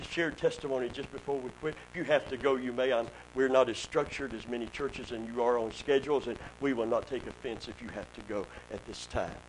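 A man preaching a sermon as pastor, emphatic, with loud rises. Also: mid-range voice, slight background noise, rough recording.

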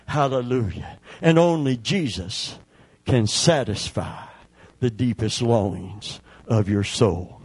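An older man preaching a sermon as pastor, emphatic and calling for amens, with a husky voice. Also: mid-range voice, a little mellow, no room sound. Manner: emphatic preaching with call-and-response.

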